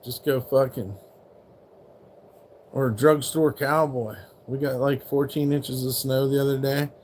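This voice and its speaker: A man's voice: medium pitch, steady tone, a little slow, darkish tone, a little hiss or hum. A man casually chatting on his live stream at home, swearing freely and teasing his dog about its food. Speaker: livestream host.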